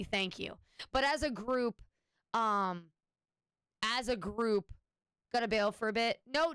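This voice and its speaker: A woman's voice: sits high, a bit bright, clear, resonant tone, no echo. A woman streamer chatting casually with her viewers, rambling and swearing now and then. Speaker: Twitch streamer.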